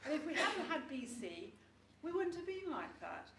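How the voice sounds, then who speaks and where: Middle-aged woman, chatty storyteller who laughs a lot, bright tone, distant mic, faint noise. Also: high voice, sing-song, normal speed, echoey room. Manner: chatty, laughing, restarts often. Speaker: testimonial speaker. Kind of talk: casual story-telling before an audience.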